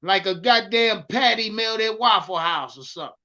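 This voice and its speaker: A man's voice: high-pitched, moderate pace, highs cut off. Hyped, profane man ranting to his stream. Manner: loud, hyped, swearing, talks to the chat. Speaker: live stream host. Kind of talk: profane live-stream sports rant.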